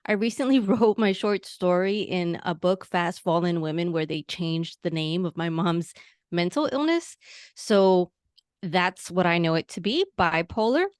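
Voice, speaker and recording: A woman's voice: lowish voice, unhurried, clear, resonant tone, no room sound, studio quality. A middle-aged woman from Queens, New York, with a New York accent with a mild Latina lilt, speaking as a bubbly, effusive interview guest. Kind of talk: casual interview.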